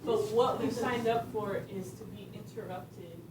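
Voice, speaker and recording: A woman's voice: medium pitch, measured pace. A woman speaker telling a faith testimony at a conference, earnest and storytelling, laughing between lines. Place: conference room. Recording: echoey room, distant mic, background noise.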